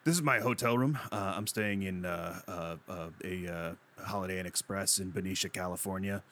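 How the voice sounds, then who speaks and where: A man's voice: low voice, moderate pace, a bit bright, a little hiss or hum. A man hosting a comic podcast, hesitant and full of uh's. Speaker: podcast host.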